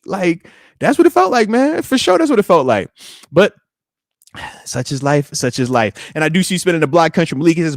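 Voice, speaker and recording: A man in his late thirties hosts a live podcast, chatting to viewers in a lively, back-and-forth way. His voice sits a little high for a man. The recording is close and dry. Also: normal speed, no room sound. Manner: animated, repeats tag questions, talks to the chat. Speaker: podcast host, retired football player.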